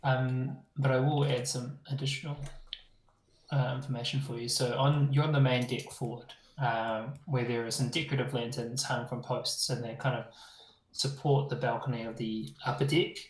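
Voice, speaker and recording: A man with a New Zealand accent narrating a tabletop game as game master, relaxed and pausing with ums as he describes the scene. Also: mid-range voice. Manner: relaxed, searching for words with ums. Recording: echoey room.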